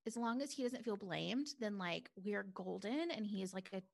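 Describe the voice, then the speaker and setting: A woman's voice: medium pitch, animated, normal speed, gravelly. A woman guest talking openly and reflectively in an interview, in loose run-on phrases. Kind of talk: candid interview conversation.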